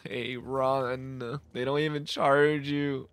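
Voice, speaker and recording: A man's voice: mid-range voice, flat delivery, takes it slowly. A man giving casual commentary while playing a game, jumpy and exasperated, often swearing and laughing. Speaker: let's play gamer.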